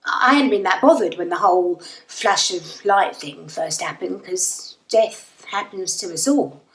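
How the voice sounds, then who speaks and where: A woman's voice: lowish voice, unhurried, reverberant, far from the mic, rough recording. An actress playing a wry, self-deprecating young Englishwoman lost in a void, telling her story in a dry, rambling audio drama monologue. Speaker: narrator and lead character.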